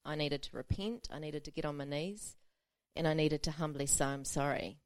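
A woman's voice: deep voice, moderate pace, a little mellow, no room sound. A woman pastor preaching a sermon, telling a self-mocking personal story with frequent laughter.

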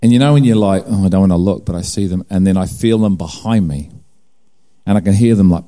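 Low-pitched, mellow, and fast, this middle-aged New Zealand man preaches a sermon built around his own testimony. He acts out the dialogue as he goes and mocks himself for laughs.

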